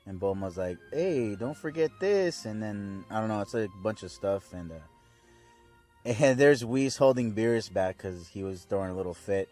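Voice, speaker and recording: A man's voice: fairly low pitch, normal speed, darkish tone, faint music behind. A young man casually recapping a cartoon episode, rambling and laid-back, full of fillers. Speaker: fan video reviewer.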